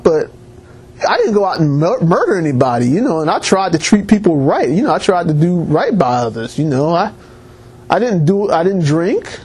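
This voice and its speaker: A man's voice: high-pitched, husky. A man preaching a sermon with emphatic rises and restarts. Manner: animated preaching, rising emphatic peaks.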